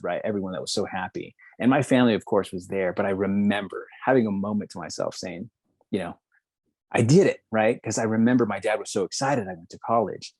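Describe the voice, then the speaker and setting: A man's voice: on the low side, a little mellow, slightly rough, no room sound. A man in his thirties from New Mexico, a podcast guest reflecting earnestly on his life with frequent restarts. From New Mexico, United States. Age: 30s. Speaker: podcast guest, law student. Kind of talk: candid personal storytelling.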